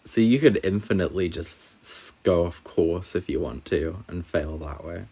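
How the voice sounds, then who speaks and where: A man's voice: low-pitched, moderate pace, few pauses, dark tone, slightly rough. A young man giving wry, chatty gameplay commentary. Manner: wry, chatty, laughs at the game. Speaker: game commentator.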